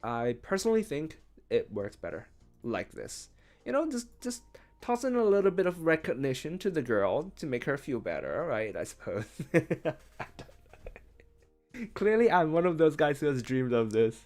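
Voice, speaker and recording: A man working through a translation out loud in a casual, chatty way, thinking as he goes. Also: a little high, big pitch swings, moderate pace, faint music behind. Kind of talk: casual live-translation commentary.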